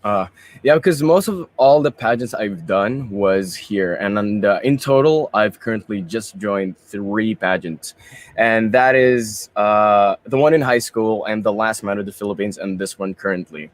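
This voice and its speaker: This young adult pageant contestant has a fairly low voice and an unhurried pace. He responds to interview questions in a rambling, chatty style, slipping in Tagalog phrases.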